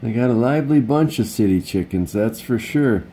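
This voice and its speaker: A man's voice: medium pitch, expressive, normal speed, dark tone, slight background noise, rough recording. A man hosting a casual vlog, chatting in a rambling, upbeat way with a bit of pep talk. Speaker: vlog host.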